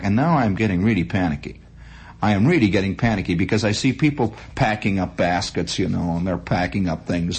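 A man hosting a radio show, telling a long personal story in a dramatic, animated monologue. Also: slightly rough. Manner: animated, dramatic, swooping into high voices. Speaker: radio host.

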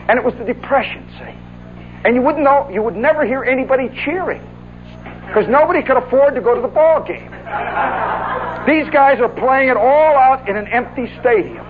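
A man's voice: extremely high pitch, slight background noise. Folksy man reminiscing, tinny radio. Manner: animated, folksy, says "see" and "oh, yeah" often. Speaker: storyteller. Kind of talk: spoken monologue recollection.

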